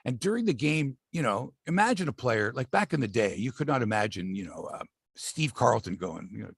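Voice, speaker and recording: A middle-aged man hosts a sports talk show, swearing freely and acting out what players said. His voice is gravelly and husky, and his pitch swings a lot. The sound is close and dry. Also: a little fast, no echo. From Canada. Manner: animated, profane, acts out quotes from players. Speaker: sports podcast host. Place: outdoor studio by a lake.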